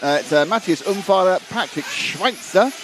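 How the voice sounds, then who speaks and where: A man's voice: high-pitched, lively intonation, moderate pace, background noise. A man giving live race commentary on a stream, chatty and wry, reading viewer comments and tripping over names. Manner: stumbles over names and restarts.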